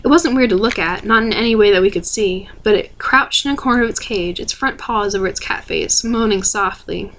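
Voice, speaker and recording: Woman reading a book aloud, soft steady asmr narration. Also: medium pitch, fairly quick, few pauses, a little hiss or hum. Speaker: reader.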